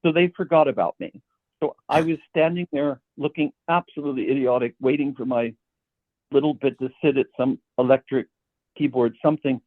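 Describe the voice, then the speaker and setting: A man's voice: mid-range voice, fairly quick, no echo. A man, a guest composer, telling long anecdotes, often stammering and repeating words as he starts sentences. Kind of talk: anecdotal storytelling. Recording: tinny phone-like line.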